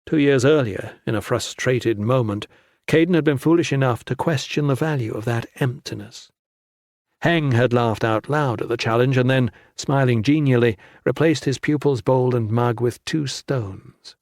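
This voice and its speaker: A man reading a fantasy audiobook in measured, even scripted narration. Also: mid-range voice, no echo, clean studio sound.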